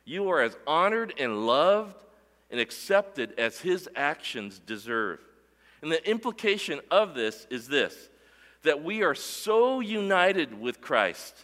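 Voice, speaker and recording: A man preaching a sermon in a church worship center, with emphatic, deliberate delivery that swells and drops for emphasis. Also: medium pitch, bright, forceful tone, in a large hall. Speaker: pastor.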